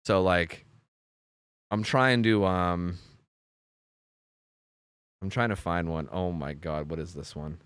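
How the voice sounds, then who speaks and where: A man's voice: deep voice, fairly even intonation, slow, pauses often, a bit bright, clear, resonant tone, no echo, studio quality. A young man streaming and chatting casually, rambling with lots of fillers and casual swearing. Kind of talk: casual chat on a game stream.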